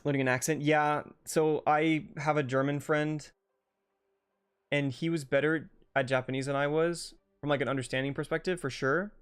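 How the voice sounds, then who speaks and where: A man's voice: a little high, steady tone, normal speed, smooth, faint music behind. A young man live-streaming a game, chatting casually and answering viewers' questions between rounds, with lots of fillers. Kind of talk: casual live-stream chat while gaming.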